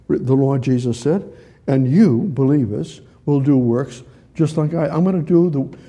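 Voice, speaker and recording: A man's voice: mid-range voice, mellow, breathy edge. A man preaching a sermon, reading scripture aloud, repeating phrases and putting questions to his listeners. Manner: repetitive, asks the audience questions and reads scripture aloud; gestures with hands while teaching.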